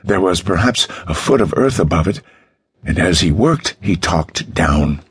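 A man narrating a suspense audiobook in a measured, tense way. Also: sits low, expressive, breathy edge, no room sound.

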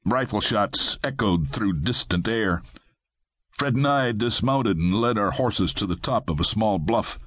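A man narrating a western audiobook in the first person, with measured, plain-spoken delivery. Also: fairly low pitch, a bit bright, no room sound.

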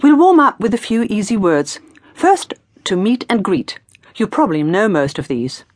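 A woman's voice: medium pitch, sing-song, moderate pace. A woman teaching in a scripted audiobook lesson, prompting the learner in an encouraging, playful way. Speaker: language teacher.

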